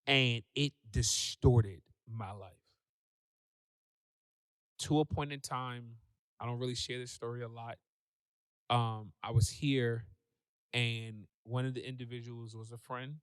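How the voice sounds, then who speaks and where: A man, a guest on a talk show, telling a personal story in a lively way and acting out what people said. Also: medium pitch, slow, long pauses, smooth, no echo. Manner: animated, acts out quoted voices. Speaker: podcast guest.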